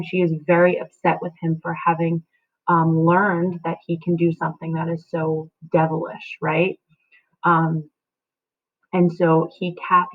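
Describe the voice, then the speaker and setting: A woman teacher explaining a play to her class, checking in often with "right?" and "okay?". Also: fairly low pitch. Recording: tinny phone-like sound.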